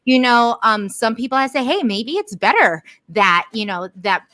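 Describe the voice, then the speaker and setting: A woman co-hosting a podcast in casual chat, chatty and quick to laugh. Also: on the high side, lively intonation, bright, forceful tone. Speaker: podcast co-host.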